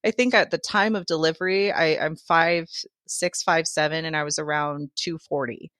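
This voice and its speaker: A woman's voice: low voice, steady tone, moderate pace, a bit bright, no room sound, clean studio sound. A woman guest on a podcast, telling her own birth story candidly and emotionally, laughing through the hard parts.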